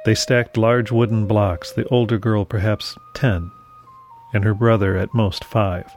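A man reading a dark fiction story aloud in a measured, scripted narration. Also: fairly low pitch.

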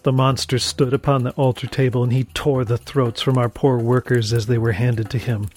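Male narrator, first-person horror reading, dramatic delivery with dark, slowed emphasis. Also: flat delivery. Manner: dramatic, drops low and slows for grim moments.

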